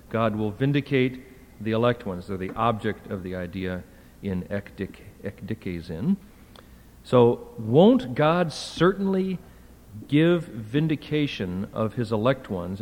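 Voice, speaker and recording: A man teaching a class on a Greek text, talking conversationally and often checking in with "right?". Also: medium pitch. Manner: conversational, keeps asking "right?". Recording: hall reverb.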